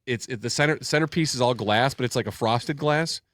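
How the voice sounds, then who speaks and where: A man's voice: medium pitch, a little fast, a bit bright, no room sound, studio quality. A man co-hosting a sports podcast in casual, joking chat. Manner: joking, puts on creepy voices. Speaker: podcast co-host.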